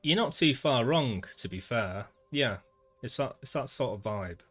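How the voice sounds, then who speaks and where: A man's voice: mid-range voice, lively intonation, measured pace, fairly bright tone, breathy edge, faint music behind. Mancunian man chatting on a game stream. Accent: Northern English, Manchester. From Manchester, England. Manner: chatty, talks to chat, says "mate" often. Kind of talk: casual gameplay livestream chat.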